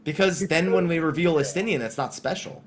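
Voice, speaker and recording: A man's voice: on the high side, fairly quick, a little hiss or hum. A man hosting a podcast, talking casually with swearing and mock-quoting characters as he goes. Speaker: podcast host.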